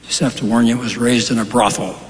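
A man voicing a blunt male pet store owner in a flat, matter-of-fact tone. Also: mid-range voice, fast, voice pushed down, close to an everyday voice. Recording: echoey live hall with crowd noise.

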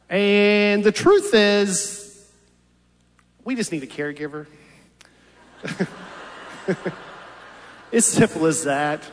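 A man in his fifties doing a stand-up set on a theater stage, telling dry, self-deprecating stories. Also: high voice. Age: 50s. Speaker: stand-up comedian. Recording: long hall reverb from a big venue.

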